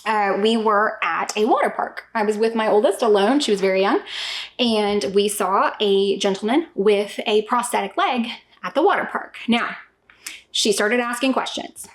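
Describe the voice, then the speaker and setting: A woman's voice: medium pitch, normal speed. A woman in her thirties talking straight to the viewer as a homeschooling parent, emphatic and often checking in with "okay?". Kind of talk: direct-to-camera talk.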